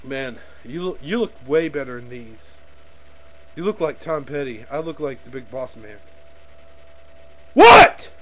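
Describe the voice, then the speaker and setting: A man's voice: mid-range voice, normal speed, darkish tone, a little hiss or hum, rough recording. A man rambling and swearing casually while he talks on a webcam at home. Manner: rambling, swearing, self-mocking. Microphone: webcam microphone.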